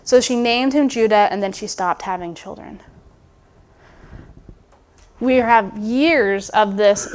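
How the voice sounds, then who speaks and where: A woman's voice: a little high, normal speed. A woman preaching a sermon in an informal, musing way, with restarts and asides, sometimes speaking a biblical character's thoughts aloud. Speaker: guest preacher. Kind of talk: conversational sermon.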